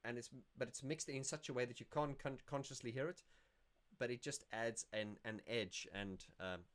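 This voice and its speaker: A man's voice: medium pitch, normal speed, fairly bright tone. Rambling male livestream host. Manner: rambling and self-correcting, sings snippets to illustrate. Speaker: livestream host answering viewer questions. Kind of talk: casual livestream chat.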